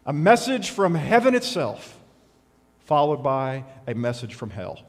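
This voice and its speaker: A middle-aged man preaching a sermon as pastor, conversational and animated with sudden loud bursts. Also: on the high side, measured pace. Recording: long hall reverb.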